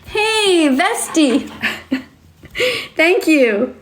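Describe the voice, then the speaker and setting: A woman's voice: high-pitched, moderate pace. A woman on a livestream, reading to viewers and talking to them in a coddling, sing-song way, like a teacher with small children.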